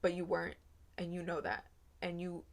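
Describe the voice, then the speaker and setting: A woman's voice: on the low side, level tone, moderate pace, vocal fry. A woman giving a casual tarot reading, earnest and rambling, with many fillers. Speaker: tarot reader.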